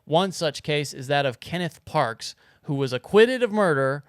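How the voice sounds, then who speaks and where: Smooth-voiced casual podcast guy. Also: fairly high pitch, lively intonation, normal speed, no echo, studio quality. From grew up on a farm. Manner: loose, swearing, reads news aloud. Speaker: podcast co-host. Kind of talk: casual chat.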